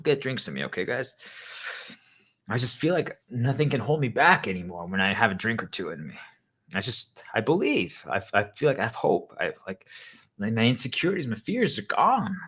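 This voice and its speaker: A man's voice: mid-range voice, fairly bright tone, breathy edge. Guy doing a listener roleplay monologue, rambly and jokey like he's a bit tipsy, really bouncy up and down voice. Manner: rambling, joking, playing tipsy. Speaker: role-play narrator speaking to the listener. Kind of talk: listener role-play monologue.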